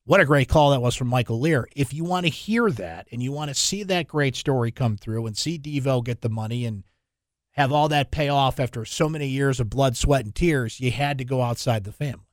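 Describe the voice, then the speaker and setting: A man hosting a sports talk radio show, opinionated and conversational with quick asides. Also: medium pitch, dry recording, clean studio sound. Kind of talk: casual sports talk commentary.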